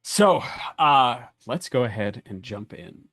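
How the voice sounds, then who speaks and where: A man's voice: medium pitch, lively intonation, takes it slowly, fairly bright tone, no echo, clean studio sound. A man hosting as game master, upbeat and encouraging.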